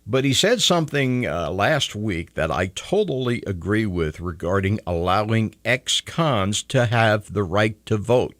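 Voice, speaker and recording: A man's voice: fairly low pitch, fairly bright tone, no room sound. A man hosting a talk radio show, talking in a wisecracking, sarcastic monologue from a radio studio. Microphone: studio microphone.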